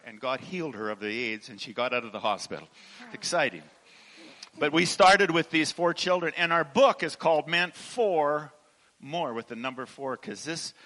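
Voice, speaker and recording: A man's voice: mid-range voice, sharp tone, rough recording. A man telling a heartfelt charity story to a church audience, with frequent restarts and little laughs. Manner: emotional storytelling, laughs often, halting restarts. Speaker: charity founder speaking to a church. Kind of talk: personal testimony talk.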